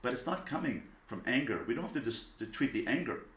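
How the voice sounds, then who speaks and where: A man, a rabbi, giving a parenting lecture in a calm, deliberate way, stressing single words. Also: medium pitch. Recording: echoey room.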